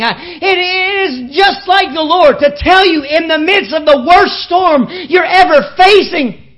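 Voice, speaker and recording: A high-pitched woman delivers a fervent sermon with a repetitive, rhythmic cadence. She sinks into quiet, low asides, then climbs back to shouted peaks that carry across the church. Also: a little slow, few pauses, rough recording. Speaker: preacher. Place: church with live congregation.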